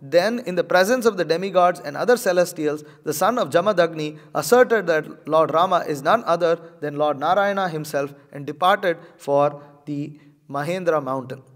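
Male teacher, reading scripture and commenting, measured with hesitant asides, long reverberant room. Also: a little high. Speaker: religious teacher.

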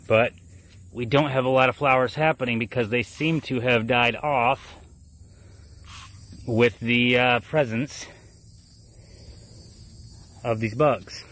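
A man's voice: medium pitch, steady tone, takes it slowly, pauses often, fairly bright tone. A man talking casually outdoors in his garden, explaining a gardening task step by step. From Florida. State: muffled by a face mask. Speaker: gardening vlogger. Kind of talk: casual how-to vlog.

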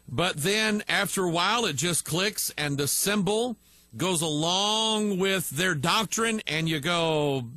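Male pastor for a live online teaching: blunt, emphatic, a bit high-pitched, recorded dry and close. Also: moderate pace, sharp tone, no echo. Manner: blunt, emphatic, reads viewer messages aloud and answers them. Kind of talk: live online teaching answering viewer comments.

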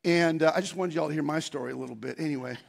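Pastor, man, high raspy voice with gravel, rambling storyteller who gets loud and excited. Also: racing. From Scandinavian heritage, Norwegian. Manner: rambling, self-deprecating storytelling with many restarts; breaks into loud, excited shouting when acting out scenes. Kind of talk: sermon with personal story.

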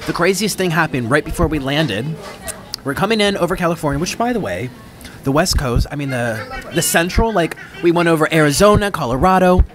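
A man's voice: fairly high pitch, lively intonation, fairly quick, music in the background. A man telling a rambling, dramatic story while he eats on camera, talking casually into his microphone. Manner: rambling, chatty, dramatic, self-interrupting. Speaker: mukbang vlogger. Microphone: own microphone.

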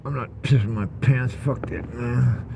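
Older man in his 60s, gravelly, swears a lot and grumbles to himself, street vlog with heavy traffic noise. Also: mid-range voice. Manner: profane, grumbling, talks to himself. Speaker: vlogger. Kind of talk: walking vlog, muttered running commentary. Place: outdoors on busy city streets.

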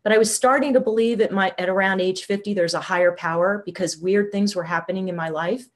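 A woman's voice: medium pitch, quick pace. A woman in her sixties, a podcast guest, telling a personal story and acting out the quoted voices. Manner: animated storyteller, acts out quotes. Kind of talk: interview storytelling.

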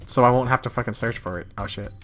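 A man giving casual, excitable let's-play commentary, swearing and laughing often. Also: medium pitch, quick pace. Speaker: gamer. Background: faint game music.

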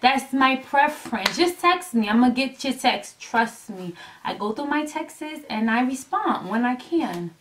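A woman vlogging to her camera in a casual, animated way, blunt and emphatic with some swearing, rambling as she loses her thread. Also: high-pitched, a little slow. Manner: rambling and chatty, losing her train of thought. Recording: voice a little distant from the mic.

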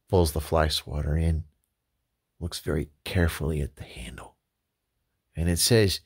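A woman telling an improvised comic story in a low, dry, understated way. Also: fairly even intonation, normal speed, pauses often, slightly rough. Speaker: comedy storyteller.

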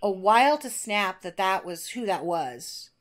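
A woman's voice: mid-range voice, big pitch swings, unhurried. A woman co-hosting a podcast in casual chat, enthusiastic and full of fillers and restarts. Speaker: podcast co-host.

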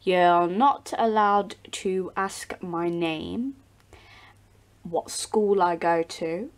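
Her voice sits lowish and she draws out her words. She's a teenage girl filming her doll channel at home from behind the camera, chatting loosely to viewers with frequent ums and restarts.

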